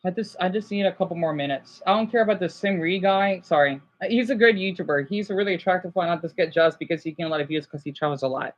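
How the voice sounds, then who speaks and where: A man's voice: high voice, fast, few pauses, highs cut off. A man streaming live and reacting, rambling and agitated, stammering and restarting his sentences and apologizing often, sounding stressed and overwhelmed. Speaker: livestreamer. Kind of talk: rambling livestream reaction commentary.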